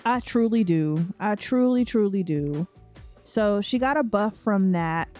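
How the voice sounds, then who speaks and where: A woman's voice: medium pitch, expressive, measured pace, a little mellow, faint music behind. A tired young woman hosting a casual let's play, chatting straight to viewers with laughing asides. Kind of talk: casual gameplay commentary.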